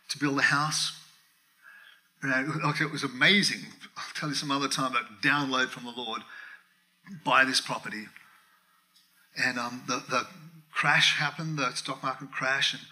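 A middle-aged man preaching a sermon, telling a personal story with animated acted-out dialogue and frequent laughter. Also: mid-range voice, poor audio. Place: church.

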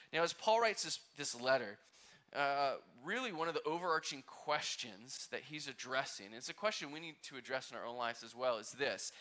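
A man's voice: medium pitch, expressive, fairly quick, bright, forceful tone. A male pastor preaching a conversational sermon, asking the congregation questions and acting out quotes.

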